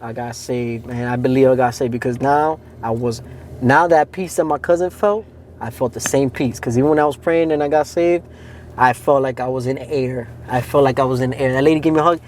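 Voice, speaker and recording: A man's voice: medium pitch, fairly even intonation, brisk, a little mellow, a little hiss or hum. A man co-hosting a podcast, telling his faith testimony in an earnest, casual way, often saying "like" and "man". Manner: earnest storytelling, heavy use of "like" and "man". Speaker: podcast co-host.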